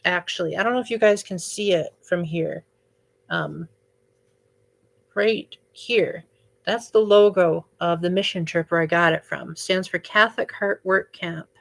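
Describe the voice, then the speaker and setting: Chatty young woman livestreamer, lowish voice. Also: gravelly, fairly bright tone. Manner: chatty, frequent "like" and "um" fillers. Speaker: livestream host. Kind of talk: casual livestream chat answering viewers.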